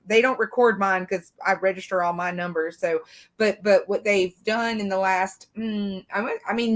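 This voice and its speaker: A woman who works as a defense attorney, talking casually on a podcast, hesitant, with many fillers and restarts. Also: mid-range voice.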